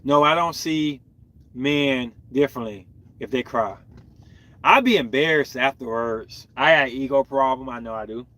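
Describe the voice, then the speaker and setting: Guy hosting a podcast, blunt slangy casual chat, gets loud and animated reacting to comments. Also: medium pitch, normal speed. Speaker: podcast host.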